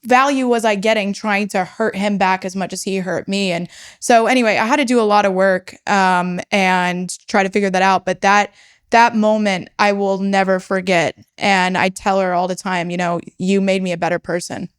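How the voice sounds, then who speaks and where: A woman's voice: mid-range voice, steady tone, moderate pace, clear, resonant tone. A young woman telling her personal story as a podcast guest, frank and swearing freely as she relives it. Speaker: podcast guest, startup founder.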